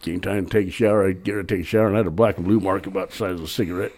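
A man's voice: low-pitched, steady tone, rapid-fire, darkish tone. Folksy older man telling stories. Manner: folksy, profane, laughs through his own stories. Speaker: podcast guest. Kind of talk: casual storytelling.

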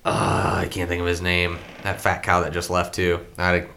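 A man's voice: sits low, monotone, normal speed, vocal fry, bright, forceful tone, a little hiss or hum. A man co-hosting a podcast, rambling and joking through a casual sports chat. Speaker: podcast co-host.

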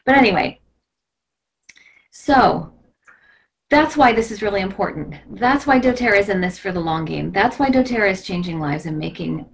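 A woman's voice: medium pitch, animated, moderate pace, gravelly, long pauses, a little hiss or hum. A woman hosting a live video stream in a casual, gushing and impassioned way, sometimes slipping into a preachy tone. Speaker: host of a live product video.

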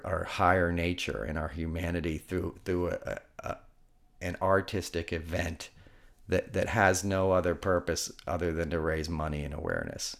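Male podcast host in his 50s, very low voice, rambling and emotional, casual storytelling. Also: vocal fry. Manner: rambling, emotional, many restarts and digressions. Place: home room.

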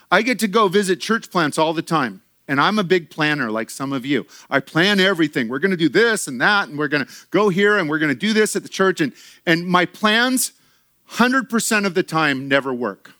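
A man preaching a sermon to his church in an animated way, acting out quoted voices and laughing often. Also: a little high, moderate pace, no echo, clean studio sound. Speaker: pastor.

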